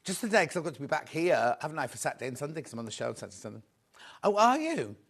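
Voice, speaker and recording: A man's voice: fairly high pitch, very animated, very fast, fairly bright tone, husky. A man presenting a live shopping show, upbeat and chatty, greeting viewers by name as he sells fabric.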